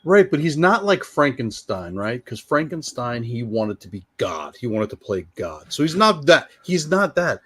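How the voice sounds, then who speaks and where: An animated man riffing through a movie review chat, jumping around between asides. His voice sits at a middle pitch and is recorded dry and close, with no room sound around it. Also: normal speed, few pauses, slightly rough, no echo. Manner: animated, jumps into playful mock voices. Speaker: podcast co-host.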